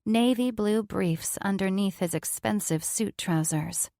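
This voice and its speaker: A woman narrating a first-person romance audiobook in a smooth, even storytelling voice on a close mic. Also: mid-range voice, unhurried, dry recording.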